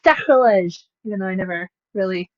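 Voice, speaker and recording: A woman's voice: mid-range voice, brisk, muffled recording. A woman livestreamer chatting casually, rambling with sarcastic, self-mocking asides.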